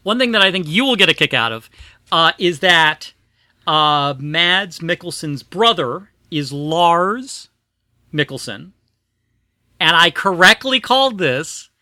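A man's voice: fairly high pitch, expressive, takes it slowly, sharp tone, no room sound. A man hosting a podcast in casual chat, chatty and self-deprecating, with plenty of fillers. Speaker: podcast host.

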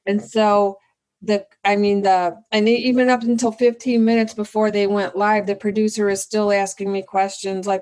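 Animated middle-aged woman telling a story. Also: medium pitch, moderate pace. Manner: animated, excitable storyteller who acts out her own lines. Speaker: company founder, guest. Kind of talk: casual interview storytelling.

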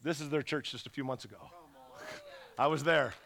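A man's voice: mid-range voice, a little fast, vocal fry. A man preaching as a guest pastor in a church, telling stories with energy and acting out the voices of the people who called him. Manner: animated, acts out callers' voices. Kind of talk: energetic fundraising sermon. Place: church sanctuary.

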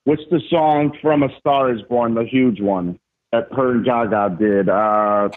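Animated man on a tinny line. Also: mid-range voice, measured pace. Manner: animated, emphatic, slangy. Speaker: podcast guest. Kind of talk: casual storytelling. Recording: tinny phone-like remote line.

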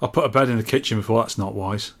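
A man co-hosting a casual retro gaming podcast reads listener messages, joking, rambling and poking fun at himself. His voice is on the low side and he talks quickly.

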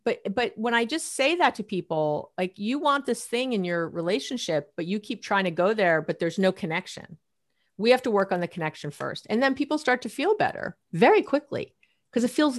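Middle-aged woman therapist, guest on a show; lively, laughs a lot, plays out her clients' voices. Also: fairly high pitch, a little fast. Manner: animated, laughs often, acts out clients' lines. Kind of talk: casual interview talk.

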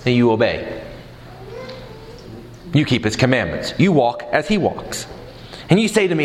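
A man's voice: medium pitch, sing-song, measured pace, pauses often, big-room sound, rough recording. A man preaching a sermon in a conversational way, asking the crowd questions and mixing in humor.

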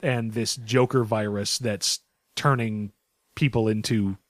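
A man's voice: on the low side, fairly even intonation, takes it slowly, no room sound, clean studio sound. A man co-hosting a casual comics podcast, joking and swearing as he chats. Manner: joking, profane, does goofy impressions. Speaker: podcast co-host. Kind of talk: casual podcast chat about comics and films.

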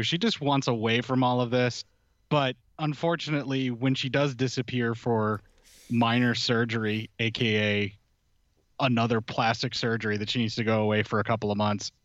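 A man's voice: medium pitch, a bit bright, no room sound, lo-fi sound. A man chatting casually on a podcast, sarcastic and mocking, swearing freely. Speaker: podcast co-host. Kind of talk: casual political chat.

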